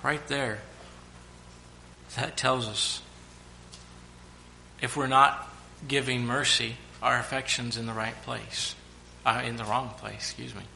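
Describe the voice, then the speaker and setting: A man preaching a sermon to his church, now and then shouting out the lines of the story he tells. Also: mid-range voice, fairly even intonation, takes it slowly, vocal fry, long pauses, a little hiss or hum. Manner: preaching with sudden loud acted-out shouts.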